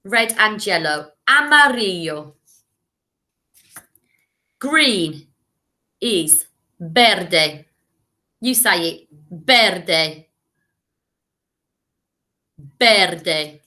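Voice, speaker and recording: English lady teaching little kids, slow and super clear, bright voice, keeps saying well done. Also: lowish voice, lively intonation. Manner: slow, clear, encouraging, modelling words to repeat. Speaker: primary school teacher. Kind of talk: recorded online language lesson for children.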